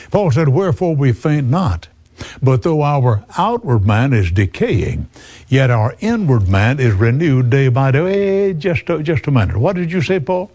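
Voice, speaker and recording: Older man preaching, lively and mellow. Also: mid-range voice. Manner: earnest, quotes scripture in King James wording; folksy, addresses listener as friend. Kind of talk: radio sermon.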